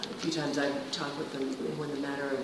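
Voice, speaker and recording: A man in the audience asks a question, wandering between phrases as he looks for the right words. His slightly high voice is drowned in heavy echo and a long reverb from the large stone church, with clear background noise around it. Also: flat delivery, brisk. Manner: rambling, searching for words. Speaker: audience member.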